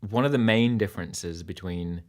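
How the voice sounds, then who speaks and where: A man's voice: deep voice, moderate pace. Rambling man with a Lancashire accent. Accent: Lancashire English, partly North American. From Burnley, England. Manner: rambling and chatty, with many fillers. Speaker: livestream musician host. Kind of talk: casual chat between songs.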